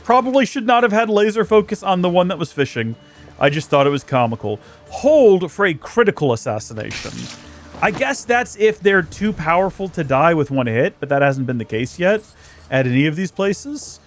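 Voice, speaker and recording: A man giving chatty let's play commentary in a fairly high voice. His pitch swings widely as he jokes and mocks himself while he plays. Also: very animated, moderate pace, soft background music. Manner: chatty, joking, self-mocking. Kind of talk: gameplay commentary.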